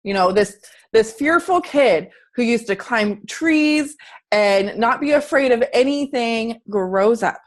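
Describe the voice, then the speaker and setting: A woman's voice: fairly high pitch, animated, slow. A woman fitness coach giving an earnest, chatty motivational talk on a group video call, asking her listeners questions.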